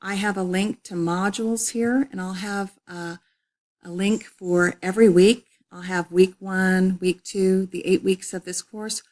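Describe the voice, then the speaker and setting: A woman's voice: mid-range voice, steady tone, unhurried, darkish tone. A middle-aged woman teacher walking students through her online college English course, explaining with repetition and frequent fillers. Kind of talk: recorded online course walkthrough.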